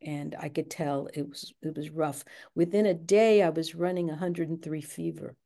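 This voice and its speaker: Older woman with a gravelly, mellow voice. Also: sits low, steady tone, normal speed. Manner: candid, reflective, quotes family dialogue. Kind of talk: personal storytelling interview.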